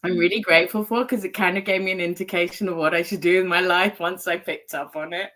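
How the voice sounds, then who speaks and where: A woman's voice: on the low side, steady tone, quick pace, fairly bright tone. A woman guest on a podcast, speaking in an effusive, emotional way and laughing often. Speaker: guest, energy healing practitioner. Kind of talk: casual interview chat.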